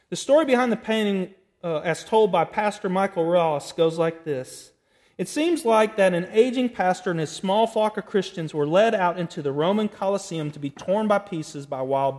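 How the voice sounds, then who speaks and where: Male pastor, high pitch, dramatic storytelling sermon, long hall echo. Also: darkish tone. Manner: emphatic preaching with dramatic storytelling. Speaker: preacher. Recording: reverberant hall.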